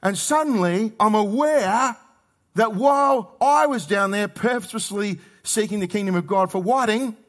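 A middle-aged Australian man delivers a sermon with a fairly high voice. He talks to the congregation like a conversation, punching some words loudly and dropping others to quiet asides. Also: normal speed. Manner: conversational, swings between loud emphasis and quiet asides. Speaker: pastor.

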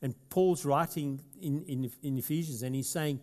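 A man's voice: fairly high pitch, normal speed, darkish tone. A man with a South African accent preaching a sermon as pastor, talking conversationally and building to emphatic passages. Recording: long hall reverb.

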